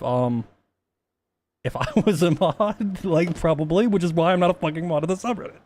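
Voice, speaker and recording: A man's voice: a little high, normal speed, a little mellow. A man talking casually on a stream, rambling with many restarts and plenty of swearing.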